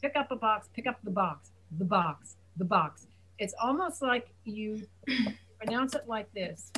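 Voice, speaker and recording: A woman's voice: mid-range voice, expressive, measured pace, bright, forceful tone, a little hiss or hum, poor audio. A woman teaching English pronunciation in an online class, patiently repeating and demonstrating sounds. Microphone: video call.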